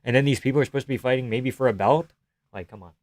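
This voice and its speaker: On a live stream, a man chats casually with his viewers, rambling loosely through their messages with lots of swearing and laughter. His middle-pitched, slightly mellow voice comes across very fast, close, and dry, with no room echo.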